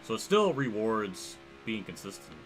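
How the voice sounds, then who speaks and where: A young man livestreaming a racing game, rambling and thinking aloud as he reacts loudly to the action on track. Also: fairly low pitch, big pitch swings, unhurried, music in the background. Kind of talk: live gameplay commentary.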